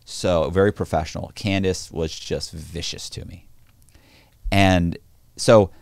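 A man with a very low voice tells a story in a relaxed, conversational way, breaking off and restarting his sentences. He slips into other people's voices when he quotes them, and the sound is close and dry. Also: slow, gravelly, no room sound. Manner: loose, restarting phrases. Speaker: podcast guest. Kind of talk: casual storytelling.

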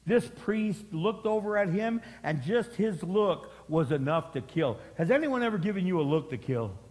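A man's voice: high voice, lively intonation, moderate pace, darkish tone. A middle-aged male pastor preaching a sermon, with dramatic delivery and lots of repetition. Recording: long hall reverb.

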